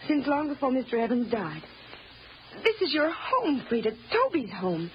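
A woman's voice: sits high, wildly swooping pitch, normal speed, a little hiss or hum. A genteel, pleading lady of the house. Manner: pleading, soothing, refined. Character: genteel widowed lady of the house, indulgent mother. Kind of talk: 1940s radio acting. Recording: muffled old radio broadcast.

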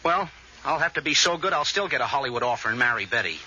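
A man's voice: medium pitch, lively intonation, bright, forceful tone, lo-fi sound. An actor playing a wisecracking young fix-it man in a 1940s radio comedy. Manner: wisecracking, quick comebacks. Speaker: comic lead. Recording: noisy old radio broadcast.

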